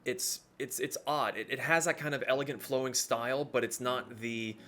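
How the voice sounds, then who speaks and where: A man's voice: medium pitch, fairly even intonation, moderate pace, pushed and bright. A man narrating as game master of a tabletop game, with a rambling delivery full of fillers and restarts.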